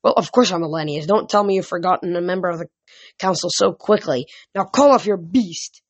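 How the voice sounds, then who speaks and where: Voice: mid-range voice, fairly quick, dry recording, natural voice. A reader voicing a blustering old satyr. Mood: indignant. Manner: pompous, huffy and flustered. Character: fussy, blustering, very old fat male satyr. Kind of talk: audiobook reading.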